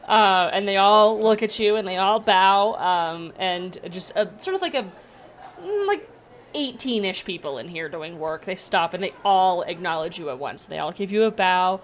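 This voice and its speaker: A woman's voice: medium pitch, expressive, normal speed, a little hiss or hum. A woman game master narrating a tabletop game in a casual, rambling way. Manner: casual, filler-heavy narration.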